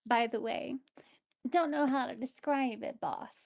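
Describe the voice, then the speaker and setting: A woman voicing a sly, fussy goblin spellcaster in a tabletop game, with theatrical, drawn-out lines. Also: sits high, creaky, no echo, studio quality, voice pushed up.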